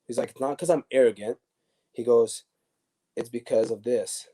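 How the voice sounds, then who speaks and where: A man's voice: mid-range voice, normal speed, breathy edge. A man, a former professional soccer defender, telling stories in a casual interview with lots of restarts and fillers. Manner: animated, many restarts and fillers.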